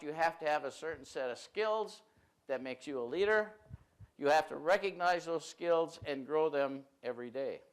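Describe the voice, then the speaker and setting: A man, a consultant, lecturing a live audience in a seminar room, slowing down and stressing key words. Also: a little high. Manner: emphatic speaker who slows down and stretches key words. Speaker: dairy management consultant presenting a seminar.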